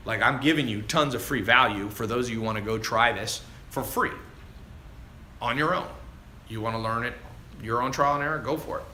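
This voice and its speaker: A male online business coach answers live viewer questions on a livestream, casual, chatty and animated, calling listeners "dude" and "man." His voice is medium-pitched, a little fast, with a forceful, bright tone. The recording has a roomy echo, slight background noise and faint ambience.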